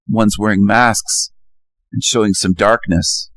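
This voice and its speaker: A man with a low-set voice monologues over a slideshow of images, circling back to the same phrases and jumping into loud, emphatic bursts. The sound is dry and close, with no room around it. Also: a little slow, long pauses, dry recording. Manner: ranting, repetitive, emphatic bursts. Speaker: channel host.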